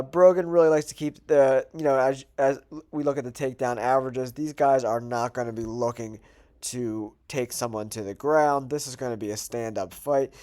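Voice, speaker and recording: A man's voice: medium pitch, mellow. Guy with a cold, nasal voice, casual chatty picks for his channel, talks it out as he goes. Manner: chatty, thinking aloud with fillers. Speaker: host. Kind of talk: casual betting predictions monologue.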